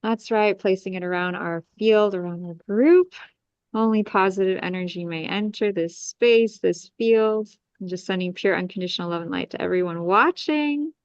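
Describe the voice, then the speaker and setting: A woman astrologer leading a live group energy-clearing meditation, with soothing, repetitive invocations and breathing cues. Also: mid-range voice, moderate pace, no echo, muffled recording.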